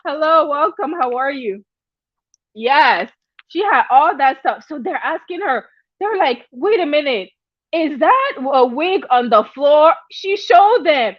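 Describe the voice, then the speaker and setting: A woman's voice: high voice, expressive, measured pace, dry recording, dull audio. A woman hosting a casual livestream gossip chat. She laughs often and greets viewers by name. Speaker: livestream host.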